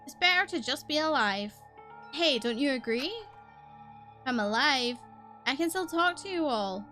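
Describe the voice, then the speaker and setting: A woman voicing a hulking, loud male team manager in a robot body, booming, hearty and boastful as she reads game dialogue aloud. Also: animated, unhurried, soft background music, heavily acted.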